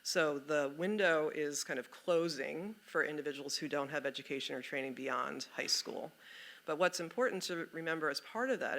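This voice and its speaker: A man speaks on a panel in a conference meeting room, laying out policy points in a measured, articulate way. His voice sits a little high and sounds bright and crisp. He uses only the occasional filler.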